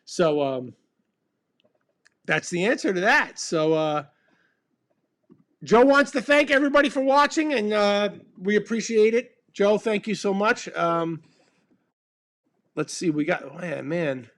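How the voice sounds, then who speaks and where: A man's voice: high-pitched, animated, unhurried, long pauses, a bit bright. A man in his fifties hosting a casual livestream chat, rambling and laid-back with many ums while sipping bourbon. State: drinking bourbon while talking. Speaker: band member hosting a livestream.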